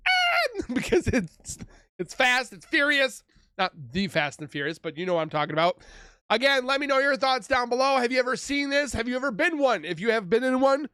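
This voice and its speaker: A man hosting a reaction video, chatting casually and blurting quick reactions to what he watches. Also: very high voice, pushed and bright, smooth, no room sound, clean studio sound. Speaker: reaction channel host.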